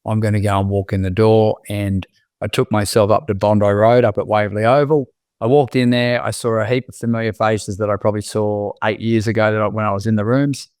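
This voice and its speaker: Australian man, low smooth voice. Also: little pitch movement, a little mellow, no room sound, clean studio sound. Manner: reflective, halting, with many restarts and "you know"s. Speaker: guest. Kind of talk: candid personal storytelling.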